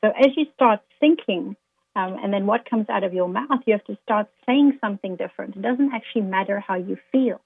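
A woman's voice: medium pitch, fairly quick, husky. A woman guest speaker talking earnestly in a faith-based interview, quoting scripture to motivate listeners. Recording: tinny phone-like line.

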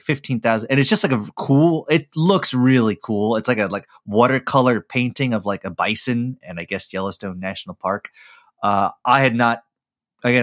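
Man, somewhat low voice, casual podcast chat, hesitant, trails off softly. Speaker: podcast co-host.

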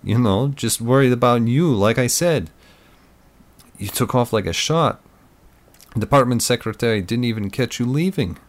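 A man's voice: medium pitch, normal speed, pitched above the performer's own voice, lightly acted. A man voicing a nervous, overly friendly male friend who keeps calling people buddy. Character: nervous chummy male friend Tim, middle-aged.

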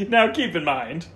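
A man with an ordinary mid-range voice hosts a casual fantasy football chat. He reads out player lists in quick runs and drops jokes between them. A faint hiss sits under the recording. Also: medium pitch, fairly bright tone. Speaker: fantasy football podcast host.

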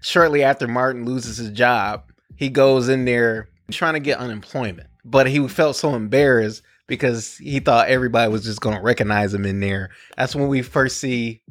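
A man hosting a podcast, chatting casually with slangy, animated asides and frequent laughs. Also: mid-range voice, normal speed, no room sound. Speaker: podcast host. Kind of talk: casual chat.

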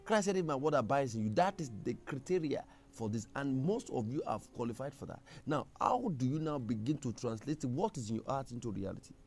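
A man preaching a sermon, emphatic, with a gravelly voice. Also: medium pitch, very animated, fairly quick, few pauses, faint music behind. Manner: emphatic, rising to loud scripture reading.

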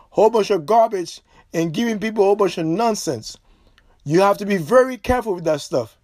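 Man, high voice, dry close sound; podcast host preaching warnings with insistent repetition. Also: darkish tone, no echo. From Haiti.

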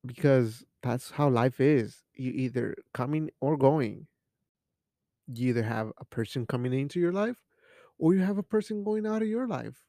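A man's voice: mid-range voice, expressive, normal speed, warm tone, no room sound, studio quality. A man hosting a casual solo podcast, rambling and joking with lots of swearing and Spanish phrases, sipping beer as he talks. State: drinking beer while talking. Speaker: podcast host.

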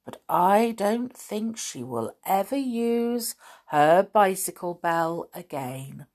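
A woman reading a story aloud, narrating with expressive, dramatic delivery. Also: on the low side.

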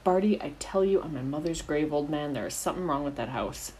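A woman's voice: low-pitched, lively intonation, fairly quick, warm tone, a little hiss or hum. A woman voicing a worried, gray-bearded old man with a Scottish accent who insists on his point. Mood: fretful.

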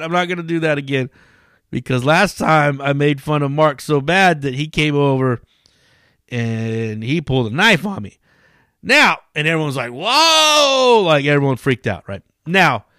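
A man's voice: medium pitch, fairly bright tone, no echo, clean studio sound. A man, a podcast host and stand-up comic, telling a rambling, profane story in a casual monologue. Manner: profane, rambling, acts out quoted voices.

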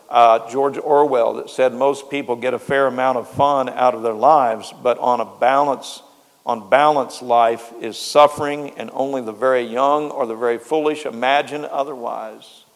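Male pastor preaching sunday sermon, goes soft then loud, big church reverb. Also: mid-range voice. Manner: repeats phrases for emphasis, swings between soft and loud. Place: church sanctuary. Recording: long hall reverb.

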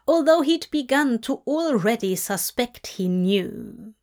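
A woman giving a steady, measured narration of a fan-fiction story. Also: fairly high pitch. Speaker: audiobook reader.

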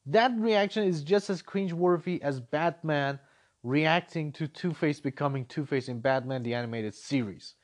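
A man with a slightly higher-than-average voice talks through a game review. He rants casually, swinging between exasperation and easy chatter. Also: moderate pace. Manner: animated, exasperated ranting.

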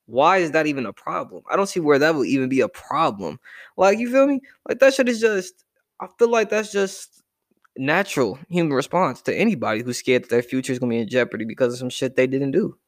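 A young man ranting casually to camera, animated and profane as he reacts to a list. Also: mid-range voice, brisk. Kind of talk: casual rant.

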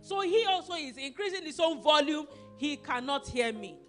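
A woman pastor giving an animated sermon, asking her listeners questions and acting out couples arguing. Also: sits high, normal speed, faint music behind. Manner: animated, acts out quarrels and asks the congregation questions.

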